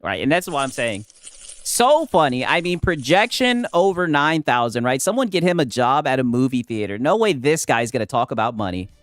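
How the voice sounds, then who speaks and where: A man's voice: medium pitch, sing-song, moderate pace, fairly bright tone. A man streaming a live reaction, sarcastic and profane, calling the other man "brother" over and over. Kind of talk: casual live reaction commentary.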